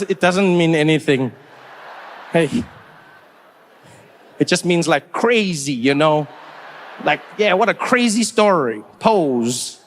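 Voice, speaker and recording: A man's voice: a little high, slight background noise. A man performing a stand-up routine, acting out other people's voices as he tells his stories. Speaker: stand-up comedian. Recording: live show in a large reverberant venue.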